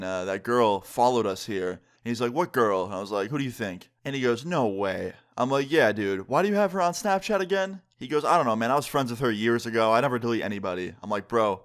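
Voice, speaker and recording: A young man casually telling a story time to his viewers, acting out the quoted lines with jumps in pitch.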